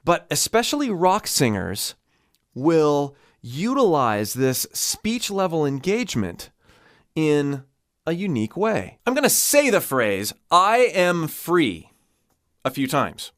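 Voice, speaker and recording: A man's voice: fairly high pitch, slow pace, dry recording, clean studio sound. A man, a vocal coach, explaining singing techniques and demonstrating them with his own voice. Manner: expressive, demonstrates with voice.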